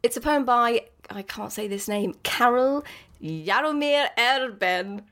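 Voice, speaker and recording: A woman co-hosts a podcast in loose, casual chat. She tells a story with slang and frequent laughter. Her voice sits a little high. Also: a little slow, a bit bright. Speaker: podcast co-host.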